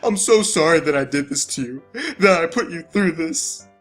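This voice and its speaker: A man voicing a panicked teenage boy who sobs like a baby, with a high, wailing whimper. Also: moderate pace, fairly bright tone, faint music behind. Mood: sobbing.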